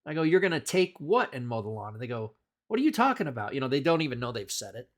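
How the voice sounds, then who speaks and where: A man's voice: mid-range voice, animated, fast talker. A man hosting a casual chat, telling rambling stories and laughing often. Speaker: host.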